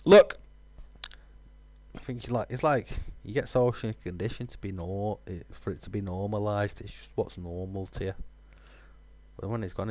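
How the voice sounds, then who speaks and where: A man's voice: on the low side, a little mellow. A man, musing aloud with fillers while streaming a game. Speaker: gaming streamer. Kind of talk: casual let's-play commentary.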